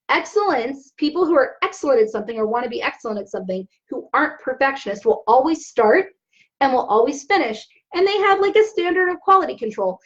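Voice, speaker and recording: A young adult woman giving an energetic business coaching talk on a live stream, often checking in with her viewers. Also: sits high, muffled recording. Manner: energetic, asks the audience questions.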